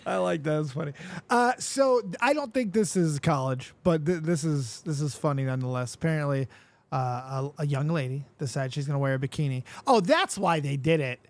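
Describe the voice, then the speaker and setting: A man hosting a live stream, chatting casually, reading viewer comments aloud and swearing freely in an animated way. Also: a little high, a little fast. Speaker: livestream host.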